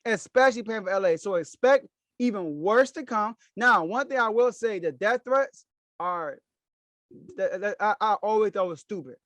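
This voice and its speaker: Male sports podcast host, high-pitched, emphatic and repetitive, dry close recording. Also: animated, moderate pace, a bit bright, no echo. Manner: emphatic, repeats key phrases. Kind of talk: solo sports opinion commentary.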